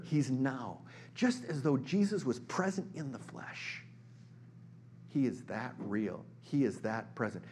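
A middle-aged man preaching in an easy, conversational way, his voice at an ordinary middle pitch. He rises into emphatic bursts, and a faint hum sits behind him throughout. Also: expressive, unhurried. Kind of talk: sermon.

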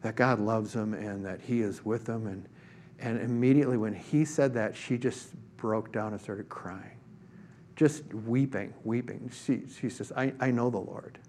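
A pastor with a fairly low, darkish voice tells a personal story in an unhurried sermon. His delivery is conversational, full of fillers and restarts, and a little hiss or hum sits under the recording.

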